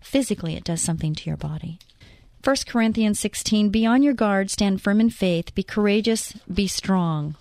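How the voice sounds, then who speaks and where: A woman's voice: mid-range voice, normal speed, a little mellow, no echo, studio quality. A woman reading Bible passages and explaining them in an earnest, conversational way, often asking the listener questions. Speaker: Bible teacher. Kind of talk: devotional Bible reading and teaching.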